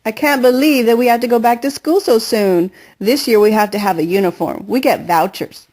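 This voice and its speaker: A woman reading an audiobook gives voice to a playful, confident girl who chatters fast and teases in a bubbly, chatty mood. Her own voice runs on the high side, a bit mellow, pushed upward and lightly acted.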